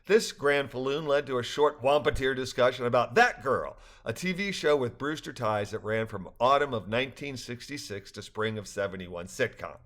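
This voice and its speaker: An older man reads his own story aloud in an earnest, reflective way. His voice sits at an ordinary middle pitch, and soft laughs slip in now and then. He sounds sincere and thoughtful. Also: normal speed, hardly any pauses. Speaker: narrator. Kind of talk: reading a personal story aloud.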